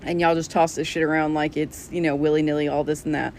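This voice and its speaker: A woman's voice: sits low, flat delivery, fast, darkish tone, slight background noise. A woman, a self-described granny witch, giving a blunt, exasperated casual rant to her viewers.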